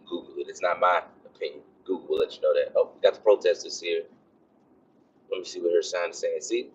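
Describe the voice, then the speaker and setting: A man's voice: deep voice, a little mellow, slightly rough. A man, a military officer, talking in a rambling, casual vlog style with lots of fillers. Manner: rambling, conversational, many fillers. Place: driving onto a military base. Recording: dull lo-fi sound.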